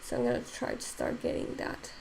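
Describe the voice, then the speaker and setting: A woman's voice: brisk, a little mellow, slight background noise. A woman running a live sculpting tutorial stream, thinking aloud with many fillers and reading out chat comments, her voice strained and tiring. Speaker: digital sculpting instructor.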